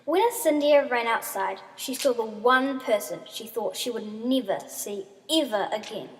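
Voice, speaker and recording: A woman slowly reading her written story aloud, acting out the sound effects. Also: fairly high pitch, a little hiss or hum. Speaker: story reader. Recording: reverberant room.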